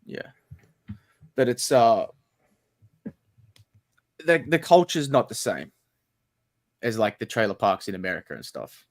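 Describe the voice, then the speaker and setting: A man's voice: mid-range voice, big pitch swings, unhurried, long pauses. An Australian man co-hosting, joking and bluntly bantering in casual chat. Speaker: co-host.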